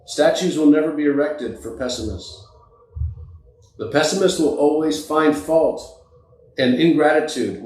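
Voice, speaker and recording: A man's voice: mid-range voice, a little mellow, slight background noise. A man who is a podcast guest, telling motivational stories in an emphatic and earnest way. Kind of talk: motivational storytelling. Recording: echoey room.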